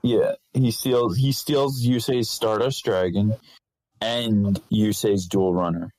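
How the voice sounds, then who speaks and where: A young man guesting on a casual podcast, talking in a relaxed way with many restarts and fillers. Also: on the low side, slow, no echo, poor audio. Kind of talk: casual chat.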